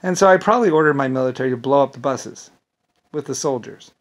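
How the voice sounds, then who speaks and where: Fast and expressive, this medium-pitched male vlogger unloads an angry, rambling monologue. He swears, sounds indignant, and repeats words as he stumbles.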